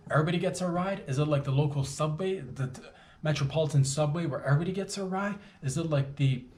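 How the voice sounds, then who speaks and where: A man from Canada giving a rambling, animated comedic monologue full of jokey asides and sudden loud bursts. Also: on the high side. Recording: roomy echo, faint background ambience.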